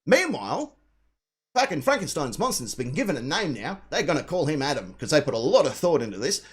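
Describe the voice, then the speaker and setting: Sweary rambling man with a lively voice. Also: a little high, a little fast, husky. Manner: rambling, sweary storyteller acting out lines. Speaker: co-host. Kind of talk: casual chat, retelling a film plot.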